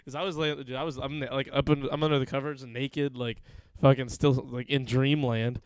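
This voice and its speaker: A man's voice: medium pitch, fairly quick, clean tone. A man hosting a casual podcast, talking sarcastically and acting out the lines of the people in his stories. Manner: sarcastic, animated storyteller who acts out quotes. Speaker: podcast host.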